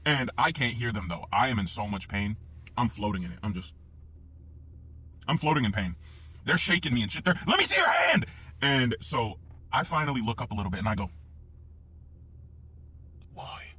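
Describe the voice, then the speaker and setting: A young man telling a personal story in a casual, profane, animated way, acting out the sounds as he goes. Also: on the low side, brisk, long pauses, slightly rough.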